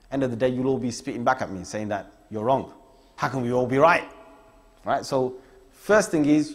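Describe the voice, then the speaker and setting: A man giving a religious lecture to an audience, talking directly and casually, often checking in with tag questions. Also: a little high. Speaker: Islamic scholar lecturing.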